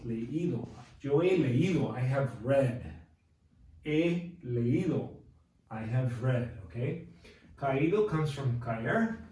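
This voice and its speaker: A man in middle age teaches a Spanish grammar lesson, calmly walking through each point and pausing to check understanding. He sounds set back from the mic in a very echoey room, with a faint hum of ambience underneath. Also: medium pitch, far from the mic. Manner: patient, explains step by step and checks understanding.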